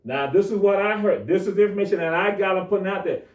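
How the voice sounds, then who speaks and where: A man's voice: high voice, quick pace. A man animatedly retelling a traffic stop, acting out the dialogue, as a guest on a talk show. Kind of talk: animated storytelling. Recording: echoey room, mic at a distance.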